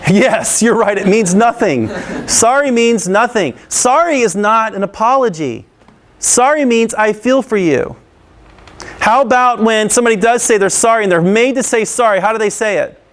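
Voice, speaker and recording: High-voiced man quizzing a student audience. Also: animated, normal speed. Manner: engaging, peppers the audience with questions; laughs often and acts out scenes. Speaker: school counselor giving an anti-bullying talk. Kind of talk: interactive talk to students.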